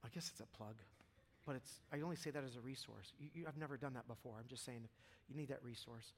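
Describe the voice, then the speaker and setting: A male pastor delivers a sermon in a casual, conversational way. His medium-pitched voice moves between hushed, quiet stretches and loud, intense outbursts. He talks to a congregation in a church hall. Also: fast, a little hiss or hum. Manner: casual preaching, swings from hushed to loud and fervent.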